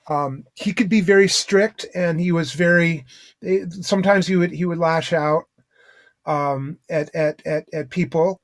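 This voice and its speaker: A middle-aged man hosting an interview, asking questions and sharing memories haltingly with many ums. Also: fairly high pitch. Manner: halting, lots of ums and restarts. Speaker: interview host, drum teacher. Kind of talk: casual interview chat.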